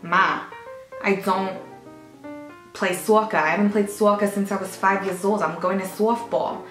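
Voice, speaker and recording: A woman's voice: medium pitch, fairly even intonation, unhurried, fairly bright tone, echoey room, faint music behind, lightly acted. Brash Boston teen girl, put on by a woman, blunt and exasperated, arguing tone.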